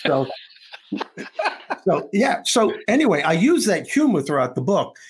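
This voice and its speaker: A man, a guest author and comedian, telling an animated story in an interview and acting out the lines of his characters. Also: a little high, moderate pace, husky. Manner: acts out dialogue between characters, laughing often.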